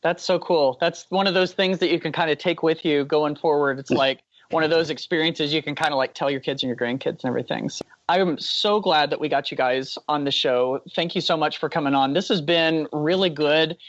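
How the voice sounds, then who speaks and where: A man with a slightly high voice wraps up a podcast interview in an earnest, appreciative way. The sound is dry and a bit dull. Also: steady tone, brisk, few pauses, fairly bright tone, dry recording. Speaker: podcast co-host. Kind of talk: warm wrap-up of a podcast interview.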